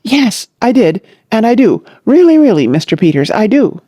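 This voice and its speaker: A narrator voicing an excitable, dramatic young woman with a pleading manner. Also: medium pitch, normal speed, no echo, clean studio sound, voice pushed up.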